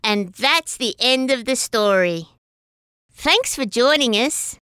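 Bright, lively woman storyteller. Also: a little high, takes it slowly, clean tone, dry recording, studio quality. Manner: warm, expressive, sing-song. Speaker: children's storyteller. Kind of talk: reading a children's story aloud.

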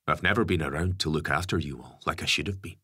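A gruff, stubborn father speaks calmly and plainly, voiced by a male narrator. His voice sits very deep with a husky edge. The reading is close and dry. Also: fast, dry recording, full character voice. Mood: resigned. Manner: calm, plain-spoken.

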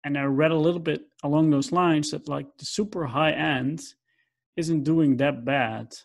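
A man's voice: a little high, steady tone, a little slow, vocal fry. A man hosting an interview, asking questions hesitantly with many fillers such as um and like, his questions often trailing off. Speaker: podcast host. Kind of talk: conversational interview.

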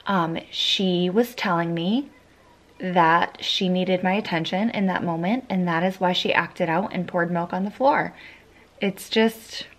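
Woman, young adult, casual vlog, rambling, lowish pitch. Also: measured pace. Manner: chatty, rambling, many fillers. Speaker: vlogger, single mom. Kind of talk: casual vlog talk to camera.

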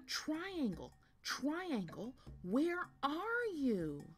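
A woman's voice: mid-range voice, big pitch swings, slow, faint music behind, voice pushed up. A woman reading aloud, voicing a small, brave, rule-making girl shape in a sing-song storybook voice. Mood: calling.

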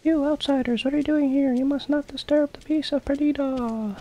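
A man doing a shrill village woman. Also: fairly even intonation, normal speed, warm tone, lo-fi sound. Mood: stern.

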